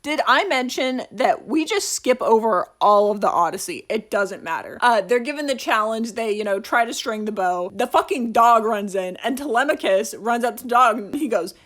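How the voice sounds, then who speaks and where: A woman's voice: fairly high pitch, normal speed, hardly any pauses. Sarcastic young woman recapping a show. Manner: sarcastic, profane, animated. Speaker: video essayist. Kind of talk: comedic review commentary.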